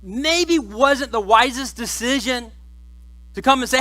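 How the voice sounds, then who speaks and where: A man's voice: very high-pitched, big pitch swings, unhurried, pushed and bright, rough recording. A man preaching a sermon in church, telling the story in a casual, joking way. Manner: conversational and joking. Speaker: pastor.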